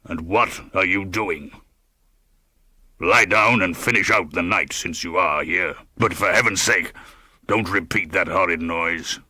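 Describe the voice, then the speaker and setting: Guy reading as a harsh brooding master, low husky voice, barks orders, audiobook. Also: unhurried, pushed and bright, no room sound, studio quality, exaggerated voice. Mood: irritated. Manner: harsh, commanding outbursts. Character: savage, brooding grown man of the house. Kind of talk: audiobook character voice.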